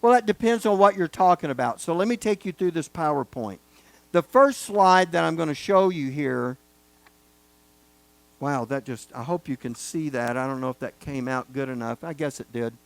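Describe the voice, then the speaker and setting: A man's voice: on the high side, lively intonation, normal speed, gravelly, no echo. A man teaching a Bible study lecture, talking casually and then stressing key words with rising force. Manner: emphatic, building to loud stresses on key words.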